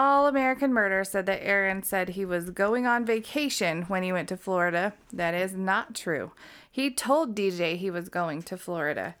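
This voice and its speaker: A woman's voice: medium pitch, fairly bright tone. A young adult woman from Utah co-hosting a casual true crime podcast, blunt and swearing, laughing often. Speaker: podcast co-host.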